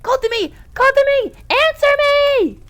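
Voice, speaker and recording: A woman voicing a panicked young woman shouting as she searches a burning house in a game. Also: extremely high pitch, very animated, slow pace, voice pushed up, heavily acted. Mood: desperate. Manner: desperate shouting.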